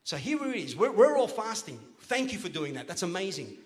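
A man preaching a sermon as pastor, playful and joking, then rising to loud, emphatic calls to the congregation. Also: sits high, big pitch swings, fairly quick. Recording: long church hall reverb.

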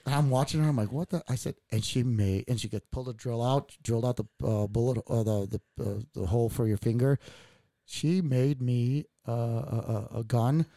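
A man's voice: mid-range voice, fairly even intonation, normal speed, warm tone, no echo. A man hosting a podcast, telling family stories in a rambling, laughing way with many fillers. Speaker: podcast host. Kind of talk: casual heartfelt chat.

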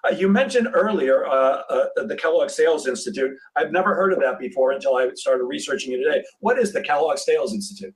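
A man's voice: on the high side, fast, few pauses, distant mic. A man hosting an interview in casual chat, telling stories animatedly and acting out what people said. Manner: animated storyteller who acts out quoted dialogue, with frequent restarts. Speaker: podcast host.

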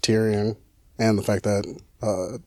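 A man's voice: fairly low pitch, level tone, measured pace, a little mellow, dry recording. A man chatting casually in a laid-back, slangy way, swearing often. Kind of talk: casual chat.

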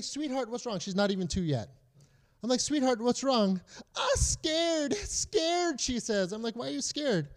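A man with a notably high voice teaches a Bible lesson in a relaxed, conversational way. He keeps checking in with his listeners as he explains each point. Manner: conversational, often checks in with "okay?".

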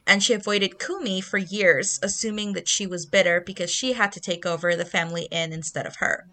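A young married woman co-hosting a book podcast, telling her reactions in a chatty, animated way with casual fillers. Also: mid-range voice, a little fast.

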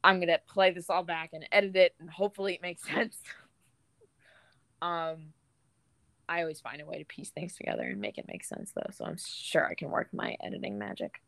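A woman's voice: lowish voice, a little fast, gravelly, a bit bright, no echo. A woman hosting a podcast, chatting in a laid-back, rambling way. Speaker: podcast host. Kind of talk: casual podcast chat.

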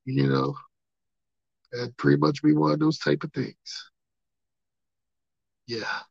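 A man's voice: on the high side, steady tone, measured pace, gravelly, darkish tone, husky, no room sound. A man hosting a rambling solo podcast, talking loosely with lots of laughter and "you know what I'm saying" fillers, on dull lo-fi audio. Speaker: podcast host.

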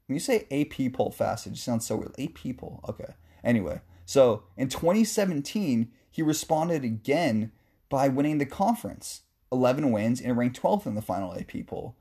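Male sports talk host, mellow tone, casual and joking, mid-range pitch. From West Coast of the US. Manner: chatty, joking, animated asides. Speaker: sports podcast host answering listener questions.

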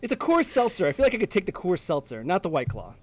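A man's voice: sits high, wildly swooping pitch, fast talker. A man hosting a casual gaming podcast over a video call, joking and sing-song, stumbling over names. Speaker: podcast host. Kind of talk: casual chat.

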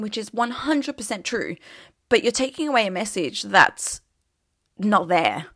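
Young aussie woman, creaky fry in her voice, super casual, lots of "like" and some swearing. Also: mid-range voice, animated, fairly quick, a bit bright, no echo, studio quality. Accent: Australian. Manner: chatty, peppered with "like", swears casually. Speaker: social media creator. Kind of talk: casual candid chat.

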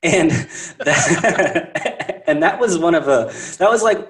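A man co-hosting a podcast, chatting casually about a film, chiming in with quick jokes and laughing a lot. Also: on the high side, expressive, a bit bright. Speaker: podcast co-host. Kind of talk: casual movie chat.

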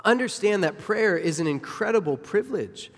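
A man's voice: high voice, lively intonation, moderate pace. A man preaching a sermon with emphatic delivery and rhetorical questions to the congregation. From United States. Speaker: pastor. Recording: long hall reverb.

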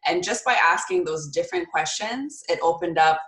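Low-voiced woman in an echoey room. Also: lively intonation, moderate pace, fairly bright tone. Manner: earnest, storytelling, frequent restarts. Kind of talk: casual conversation.

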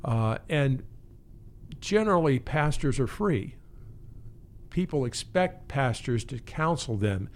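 Earnest man, mid-pitched pastor. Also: expressive, slow pace, long pauses. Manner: earnest, reflective, with frequent restarts. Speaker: pastor and pastoral care teacher. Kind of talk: conversational interview.

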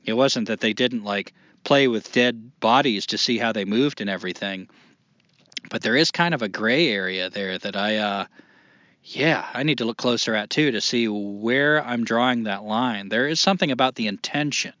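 Male podcast host, bright and forceful, loose and self-mocking; dry, slightly muffled recording. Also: mid-range voice, moderate pace, no room sound. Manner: loose, swearing, self-deprecating. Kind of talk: casual podcast chat.

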